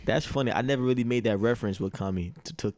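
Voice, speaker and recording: A man's voice: mid-range voice, no room sound. Laid-back young male co-host, dry sound. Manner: relaxed, halting, many restarts and "yeah"s. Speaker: podcast co-host. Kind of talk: casual chat.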